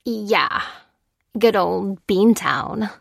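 A woman's voice: medium pitch, lively intonation, very slow, creaky, no echo, exaggerated voice. A sarcastic middle-aged man , put on by a woman narrator, lobs off dry quips. His delivery is loose and mocking. The recording is close and dry. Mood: wry. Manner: wisecracking, sarcastic. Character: wry, sardonic graying middle-aged man.

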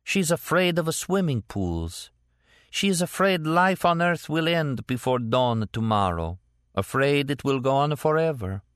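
A man voicing a strange young Italian woman with an Italian accent, speaking slowly and dreamily. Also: a little high, expressive, a bit bright, clean tone, no room sound, clean studio sound, pitched above the performer's own voice. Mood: dreamy. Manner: slow, dreamy, deliberate.

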